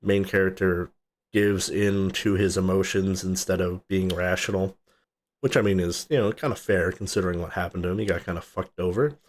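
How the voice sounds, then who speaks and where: A man's voice: low voice, fairly even intonation, a little fast. A man co-hosting a podcast, rambling casually about a film, swearing and laughing as he retells scenes. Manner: rambling, swears casually, laughs often, acts out movie quotes. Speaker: podcast co-host. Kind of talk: casual movie chat.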